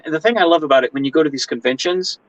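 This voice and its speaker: A man hosting a casual interview chat, excitable and swearing, acting out little voices with big pitch jumps. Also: very fast, dry recording, poor audio. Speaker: host.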